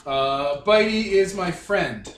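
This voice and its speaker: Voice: mid-range voice, animated, slow. A tabletop player talking in a sweet, silly way. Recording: echoey room with clear noise.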